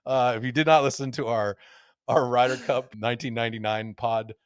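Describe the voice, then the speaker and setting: A man's voice: mid-range voice, fairly even intonation, fairly quick, smooth, no room sound, studio quality. A man hosting a casual podcast. He tells stories in a wry, jokey way and reads quotes aloud. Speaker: podcast host.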